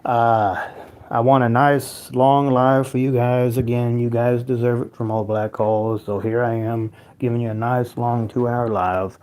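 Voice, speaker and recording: A man's voice: mid-range voice, level tone, a little slow, a little mellow. A man hosting a casual livestream from home, talking loosely in a mid-range voice. He rambles between viewer comments, swears freely and laughs often. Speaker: livestream host.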